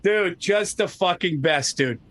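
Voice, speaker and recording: A man on a video call retells stories in an animated rush, cursing freely and calling his guest dude. His voice is pitched high for a man. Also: a little slow. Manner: animated storytelling, swears a lot, says dude. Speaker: podcast host. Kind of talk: casual chat.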